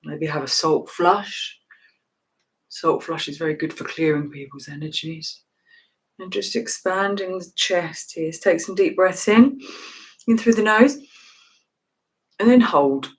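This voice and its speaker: A woman's voice: on the low side, a little slow, long pauses, low-quality recording. A woman teaching a meditation and breathing session, giving loose, rambling instructions that often restart mid-sentence. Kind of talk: casual guided breathing and stretching session.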